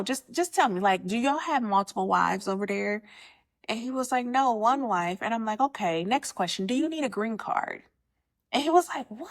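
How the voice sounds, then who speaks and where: A young woman tells a personal dating story straight to her audience in a loose, slangy way. Her voice sits in a middle range, and it jumps up high whenever she acts out what someone said. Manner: animated, slangy, jumps pitch when quoting people. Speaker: vlogger telling a dating story. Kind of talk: casual storytelling.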